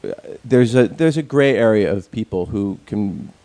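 A man's voice: lowish voice, animated, moderate pace, dark tone. A man in a casual chat, rambling with many fillers and restarts and speaking bluntly, with some profanity.

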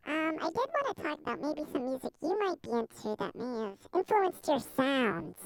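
A young woman hosts with bubbly, playful enthusiasm. Her high voice leaps around a wide range and drops into gravelly fry. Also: sing-song, moderate pace, low-quality recording. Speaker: podcast host. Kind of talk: casual chat.

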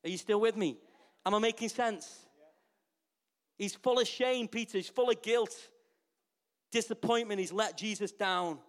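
High-voiced preacher asking questions. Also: male voice, a little slow, pauses often. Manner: lively, asks the congregation frequent rhetorical questions. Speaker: pastor. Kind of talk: sermon.

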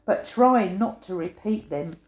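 A woman's voice: medium pitch, a little slow. An older woman reading her own humorous rhyming poem aloud, giving quoted sayings a playful, punchy emphasis. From England. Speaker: poet. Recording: roomy echo.

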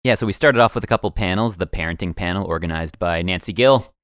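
A man's voice: low voice, fast talker, fairly bright tone, no room sound, clean studio sound. A man co-hosting a podcast, chatting casually in an easygoing way. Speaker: podcast co-host. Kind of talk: casual recap chat.

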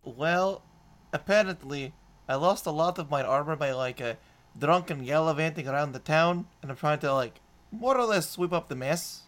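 A man playing in a tabletop game, chatting casually, halting and repeating words as he jokes. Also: fairly high pitch, fairly bright tone. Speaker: player.

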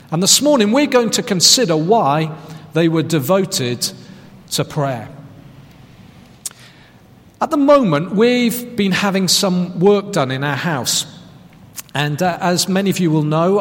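A man's voice: a little high, big-room sound. A man preaching a sermon as pastor, telling stories in a conversational, self-deprecating way.

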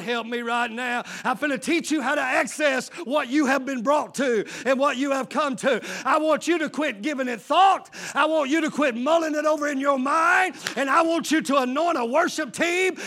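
High, bright male preacher, fiery sermon delivery with shouts. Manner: preaching with shouted call-and-response bursts. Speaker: pastor.

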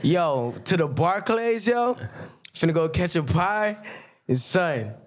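A man's voice: high-pitched, animated, fast. A man voicing a brash young New York man as an exaggerated street-slang impression. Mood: swaggering.

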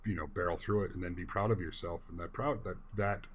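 A man's voice: low-pitched, fast talker, slight background noise. A man in a casual discussion, speaking in an earnest, folksy and rambling way.

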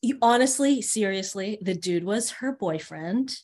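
A middle-aged woman from Northern California talks casually in an interview over a video call. She tells stories with animation and frequent laughter, acting out quoted voices. Her voice sits at a middle pitch. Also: lively intonation, measured pace, a little mellow. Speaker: interview guest, theater teaching artist.

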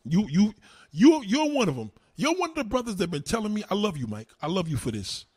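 A man ranting to a live chat as a streamer, loud, heated and profane. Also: high voice, very animated, brisk, breathy edge, no room sound, clean studio sound. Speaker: online streamer.

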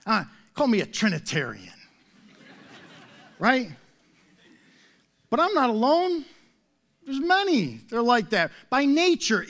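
A very high, somewhat bright male voice belongs to a middle-aged pastor giving a sermon. He speaks conversationally, asking plenty of rhetorical questions and mocking himself for laughs.

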